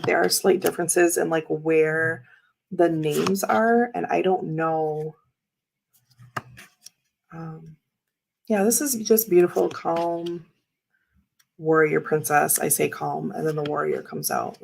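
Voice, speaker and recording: Rambly lady in her 30s showing off tarot cards, kinda low and husky. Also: rough recording. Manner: chatty and rambling, with many fillers and laughs. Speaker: tarot reader and livestream host. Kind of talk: casual chat while showing tarot cards.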